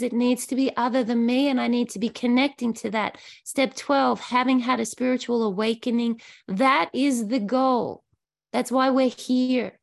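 A woman's voice: high-pitched, vocal fry, a little mellow. A woman who leads recovery workshops, sharing earnestly and heartfelt in an online meeting, with frequent restarts and fillers.

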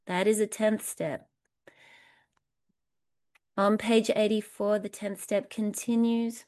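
A woman leading a recovery program step study, reading passages aloud and explaining them point by point in a deliberate, instructive way. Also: medium pitch, level tone, a little mellow. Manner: slow, deliberate, instructive, lists points one by one.

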